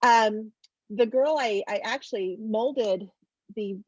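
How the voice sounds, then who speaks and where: A middle-aged woman author in a casual interview over a video call, telling stories in a chatty, animated way. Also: on the high side, slow pace, dry recording, lo-fi sound.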